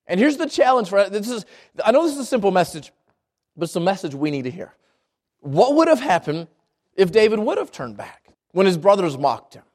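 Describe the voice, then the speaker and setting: A male preacher delivers a sermon, telling the story in a lively way with rhetorical questions and frequent restarts. His voice is strikingly high for a man. It rises and falls with great animation. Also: fairly quick.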